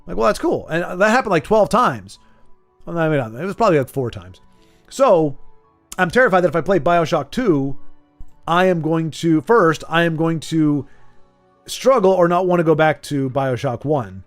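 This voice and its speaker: A man's voice: fairly high pitch, lively intonation, moderate pace, soft background music. Chatty, rambling male game streamer. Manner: rambling, joking, self-correcting. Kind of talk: casual live-stream chat.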